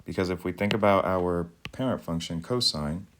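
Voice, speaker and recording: A man, a math teacher, explaining step by step in a calm, methodical recorded video lesson. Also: sits low, normal speed, a little hiss or hum.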